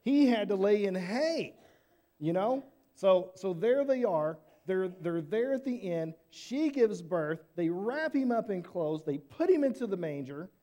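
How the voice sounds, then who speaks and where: A man telling a Bible story to children in church, casual and animated, often asking questions. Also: high-pitched, a little slow.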